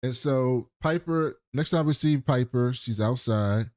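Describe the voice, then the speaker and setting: A man's voice: mid-range voice, a little slow, a little mellow, dry recording, studio quality. A man co-hosting a podcast, casually and profanely retelling scenes from a TV episode. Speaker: podcast co-host. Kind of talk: casual TV recap chat.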